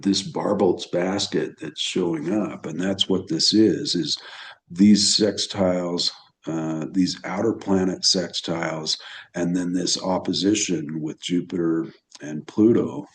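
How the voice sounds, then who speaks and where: A man talking as an astrologer in an unscripted solo talk, halting and reflective, with many restarts. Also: deep voice, steady tone, poor audio. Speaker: evolutionary astrologer.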